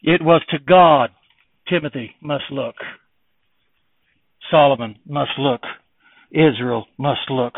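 A man preaching a sermon with impassioned delivery that swings between loud emphasis and hushed tones. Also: mid-range voice, slow, long pauses, no echo. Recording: tinny phone-like, dry.

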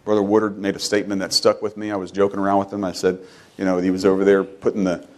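Preaching fast and in a largely monotone voice, this man still hammers his points with repeated phrases. His sermon alternates between loud, high urging and hushed, low remarks.

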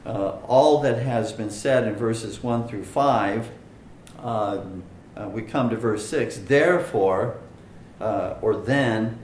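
A man teaching bible study, slow careful talk, lots of uhs, echoey room. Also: on the low side, a little mellow, a little hiss or hum. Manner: slow and deliberate, many "uh" fillers, stresses single words.

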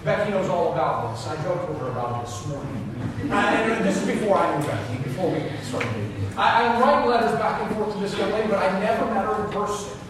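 A man in his forties preaching a sermon as pastor, telling stories with big swings from loud to soft. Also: high-pitched, lively intonation, quick pace. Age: 40s. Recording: echoey hall, voice from far off, noisy.

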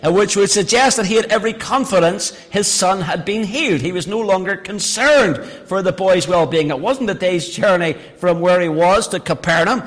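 A man's voice: sits high, lively intonation, normal speed, few pauses. A middle-aged male pastor preaching a sermon, reading scripture and then explaining it with emphatic, repeated phrases. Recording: long hall reverb.

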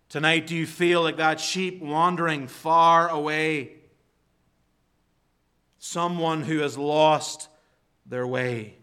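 A man preaching a sermon slowly, building to fervent emphasis. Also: a little high, steady tone, pushed and bright, clean tone. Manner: slow, rising to fervent emphasis.

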